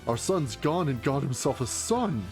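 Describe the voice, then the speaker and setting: A man voicing a fussy, gruff noble father in a game read-aloud. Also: medium pitch, big pitch swings, moderate pace, a little mellow, soft background music. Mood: astonished.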